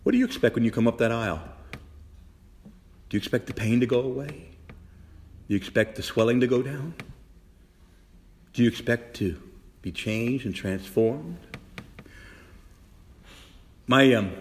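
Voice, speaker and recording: A man's voice: medium pitch, normal speed, pauses often, a little hiss or hum. Catholic priest guy preaching to his church, lots of questions, voice swoops all over, long echo. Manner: animated preaching, swinging from loud exclamations to hushed whispers; asks the congregation many rhetorical questions. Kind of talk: sermon.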